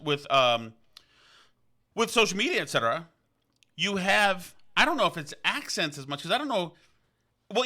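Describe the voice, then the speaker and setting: A man's voice: fairly high pitch, bright, forceful tone. A man from Vermont hosting a podcast, talking in a casual, digressive way with frequent restarts and fillers. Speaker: podcast host. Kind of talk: casual rambling monologue. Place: on location, indoors.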